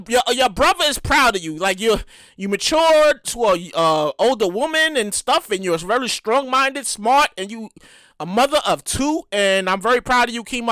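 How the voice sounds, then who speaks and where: High bright-voiced guy in his 30s doing his own podcast, super animated, repeats himself a lot, dry close mic. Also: no echo. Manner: animated, repetitive, talks straight to listeners. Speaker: podcast host. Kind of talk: casual solo podcast chat.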